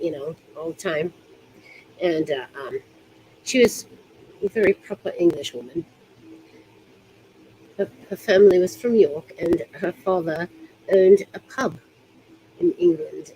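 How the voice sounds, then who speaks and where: A chatty woman walks through rope ties in a loose, hands-on demonstration. She has a lowish voice, giggles often and lets sentences trail off as she works. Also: darkish tone, slight background noise, rough recording. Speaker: rope bondage instructor.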